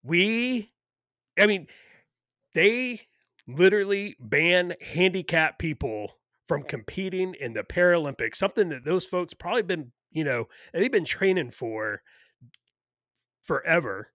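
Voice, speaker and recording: A man's voice: sits high, expressive, unhurried, a bit bright, no room sound, studio quality. A man co-hosting a podcast in casual, opinionated chat, ranting with lots of fillers and profanity. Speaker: podcast co-host.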